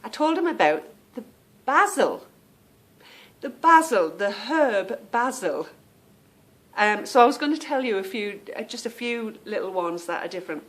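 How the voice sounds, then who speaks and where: A woman's voice: mid-range voice, very animated, normal speed. A woman from England with a British accent, hosting a podcast in a chatty, meandering way that often trails off. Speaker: podcast host. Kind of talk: casual chat.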